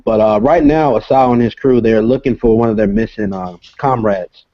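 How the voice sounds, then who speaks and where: A man talks over a video call as a comic creator and guest, explaining in a casual, halting way with plenty of filler sounds. His voice sits low. The call audio is dull and lo-fi, with a dry, close sound. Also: no echo.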